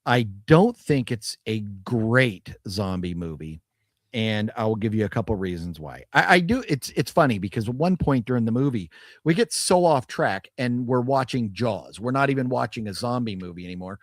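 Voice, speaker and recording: This podcast co-host is a man with a medium-pitched, animated voice speaking at a normal speed. He talks casually about a movie, rambling with restarts and laughter. The studio sound is clean, with no room sound.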